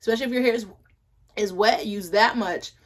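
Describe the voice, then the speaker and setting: A woman's voice: fairly high pitch, fairly quick. A young woman chatting casually at home as she reviews hair products, rambling with playful asides to her viewers. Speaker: hair care vlogger.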